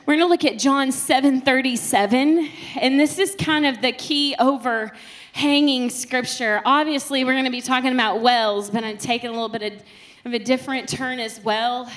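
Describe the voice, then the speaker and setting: A woman, preaching a passionate sermon that swings between soft and loud. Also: sits high, moderate pace.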